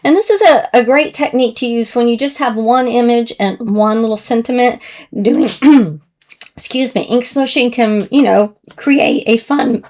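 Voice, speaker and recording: A slightly hoarse woman chatting gently through a casual crafting tutorial as she works with her hands, now and then clearing her throat. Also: a little high, moderate pace. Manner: chatty, gentle, talks while working with hands. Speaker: card-making demonstrator.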